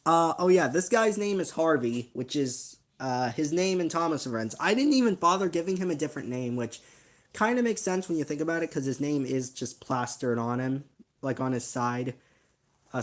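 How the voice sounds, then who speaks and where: A man's voice: medium pitch, moderate pace. A man giving casual reaction commentary on his old fan film, rambling and laughing at himself with slangy asides. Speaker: channel host reacting to his old video.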